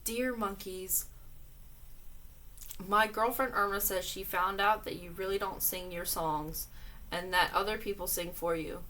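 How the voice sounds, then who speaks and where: A woman's voice: mid-range voice, steady tone, measured pace, pushed and bright. A woman reading letters aloud with commentary, laughing often between lines. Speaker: reader and commentator.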